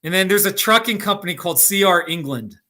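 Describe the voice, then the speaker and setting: A man's voice: high voice, lively intonation, fast, sharp tone. A middle-aged American man hosting a casual livestream, chatting with viewers by name and laughing often. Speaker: livestream host. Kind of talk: casual live chat reading comments. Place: Colorado.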